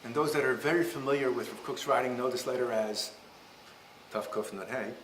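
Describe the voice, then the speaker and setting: A man, a rabbi, giving a lecture and telling stories in an animated, humorous way. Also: medium pitch, a little fast, a little hiss or hum. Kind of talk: lecture with storytelling. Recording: roomy hall echo.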